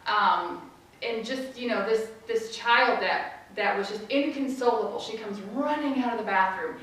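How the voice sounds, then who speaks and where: A middle-aged woman telling a personal story to a live audience, acting out her family's voices with big jumps in pitch. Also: moderate pace, fairly bright tone. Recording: echoey hall, voice from a distance.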